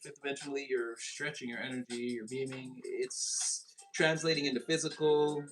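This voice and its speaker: A man talks through a tarot reading in a loose, rambling way. He keeps restarting his sentences and gets visibly excited as he goes. His pitch sits in the middle range, and faint music plays in the background. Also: moderate pace, low-quality recording. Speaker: tarot reader.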